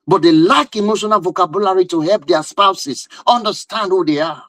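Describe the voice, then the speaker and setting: A man's voice: on the high side, a bit bright, no room sound, rough recording. A man giving a live-stream talk on relationships and marriage, emphatic and driving his points home with repeated rhetorical questions.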